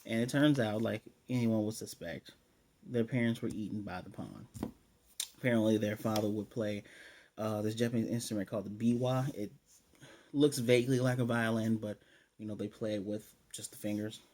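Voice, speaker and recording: A man's voice: fairly low pitch, moderate pace, darkish tone. A man giving a casual, rambling episode recap and review of an anime, with sarcastic asides.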